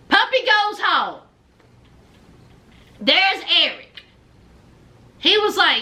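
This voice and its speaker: Animated woman recapping with sass. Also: very high-pitched, takes it slowly, long pauses. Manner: retells scenes by acting out both sides, sassy asides, drawled phrases. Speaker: reality TV recap host. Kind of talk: casual episode recap and commentary.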